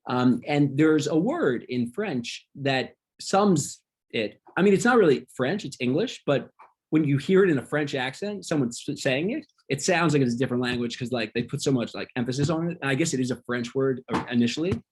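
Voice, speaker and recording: Casual male teacher, husky voice, relaxed, lots of ums, online class. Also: medium pitch, a little fast. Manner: relaxed, many ums, talks through slides. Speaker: wine workshop instructor.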